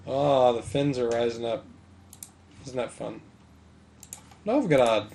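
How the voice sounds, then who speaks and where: A man of ordinary pitch, thinking aloud and joking dryly as he plays a strategy game at his computer. Faint hiss sits under his voice, with keyboard clicks now and then. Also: slow, vocal fry, pauses often, a little mellow. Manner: musing aloud, mildly sarcastic. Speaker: gameplay commentator. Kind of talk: casual gameplay commentary.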